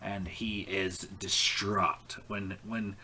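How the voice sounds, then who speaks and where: A halting man narrating as game master. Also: deep voice, level tone, pushed and bright, slight background noise. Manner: halting, many fillers and restarts. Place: home, online call.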